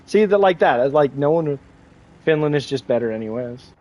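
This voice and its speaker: An American live streamer in his twenties chats loosely with viewers while gaming, at a moderate pace and with lively pitch that swings up and down. Between reading chat messages, he reacts to the gameplay, jokes and swears.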